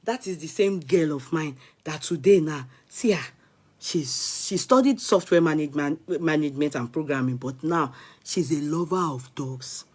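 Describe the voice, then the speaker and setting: A middle-aged woman with a Nigerian accent, telling a personal story in a casual vlog, animated and dramatic, with soft asides. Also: deep voice, normal speed, husky. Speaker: vlogger.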